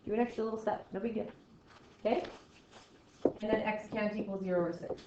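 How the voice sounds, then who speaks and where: A woman math teacher giving a classroom lesson to students, talking in a chatty, playful way with jokey asides and swings from loud to quiet. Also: medium pitch, fairly even intonation, brisk, very noisy. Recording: echoey classroom, dull lo-fi sound.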